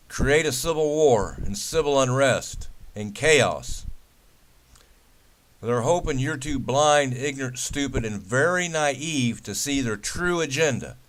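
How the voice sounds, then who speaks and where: A man's voice: mid-range voice, animated, unhurried, fairly bright tone. A man delivering a ranting commentary, hammering home lists of words with emphasis.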